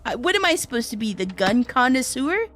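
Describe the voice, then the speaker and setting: A woman streamer commentating a horror game live, reacting loudly and swearing often as she chats. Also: on the high side, brisk, slight background noise. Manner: loud animated reactions, frequent swearing; chatty, thanks viewers in passing.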